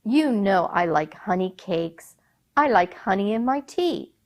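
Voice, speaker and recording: A sweet young princess who gushes over her father in a high, childlike voice, as a woman storyteller puts her on. Her voice bounces up and down and she takes her time. She sounds like a character in a told folk tale. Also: animated, a little slow, close to an everyday voice. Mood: gushing. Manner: gushing and childlike. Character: sweet, adoring young princess, eldest daughter. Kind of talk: oral storytelling.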